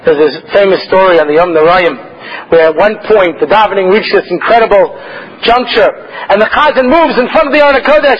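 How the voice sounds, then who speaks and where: High-voiced animated rabbi, dull recording. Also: male voice, quick pace, breathy edge. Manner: animated and joking, with sudden emotional swells. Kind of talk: Torah class with humorous storytelling.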